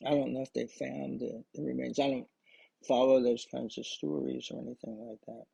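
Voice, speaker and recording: A man's voice: mid-range voice, little pitch movement, moderate pace, gravelly, mellow, husky, low-quality recording. An older man telling a personal story in a casual, rambling way, often restarting and adding asides. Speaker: storyteller recording memories for his grandchildren.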